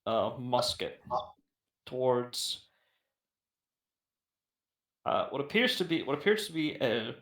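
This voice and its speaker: A man's voice: medium pitch, very animated, takes it slowly, pauses often, fairly bright tone. A man running a tabletop game as game master, narrating hesitantly with many fillers. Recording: echoey room.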